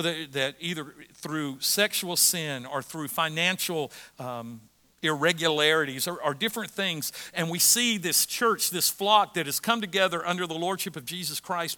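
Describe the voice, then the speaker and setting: A middle-aged American man preaching a sermon as pastor, moving between quiet reflection and loud, repeated emphasis. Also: on the high side. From United States.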